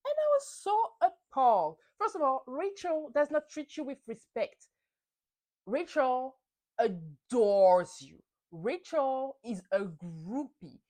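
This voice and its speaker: A woman's voice: high voice, big pitch swings, takes it slowly, darkish tone, poor audio. Young woman ranting on her podcast, cursing a lot, voice jumps all over the place. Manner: heated, profane ranting. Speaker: podcast host. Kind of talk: solo reality TV recap.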